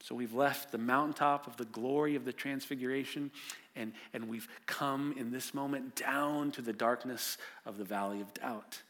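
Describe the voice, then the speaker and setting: A male preacher, delivering a sermon as a vivid story that swings from loud and urgent to hushed. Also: mid-range voice, normal speed.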